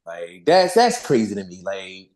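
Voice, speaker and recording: A podcast host in casual fan chat, animated and profane, acting out characters' lines while recapping. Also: deep voice, measured pace.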